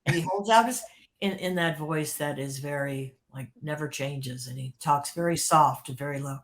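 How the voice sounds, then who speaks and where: In an animated podcast interview, a woman who once worked as a creative executive at a record label recounts stories with real excitement. She speaks in a deep voice at normal speed, often laughing, repeating herself and restarting, her volume jumping from hushed to loud.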